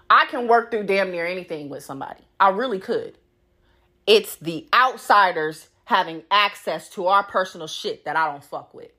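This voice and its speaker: A woman's voice: mid-range voice, normal speed, sharp tone. A young woman hosting a podcast, telling a story about cheating in a blunt, heated and profane rant. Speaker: podcast host.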